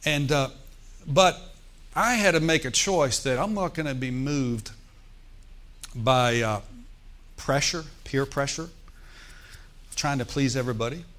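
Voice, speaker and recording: A man's voice: medium pitch, unhurried, long pauses, fairly bright tone. Man, pastor, church sermon, personal story, emphatic exhortation.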